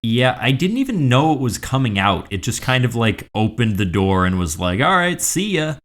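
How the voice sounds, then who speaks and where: Lower-voiced man telling a rambling story. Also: expressive, moderate pace. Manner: rambling, filler-heavy storytelling. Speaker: podcast co-host. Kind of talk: casual comedy storytelling.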